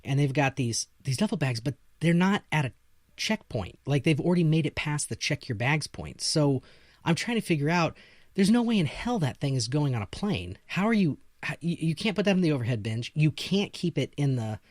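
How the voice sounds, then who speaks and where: A man's voice: a little high, very animated, brisk, no echo, studio quality. A man co-hosting a podcast, telling rambling, joking stories in casual chat. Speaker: podcast co-host.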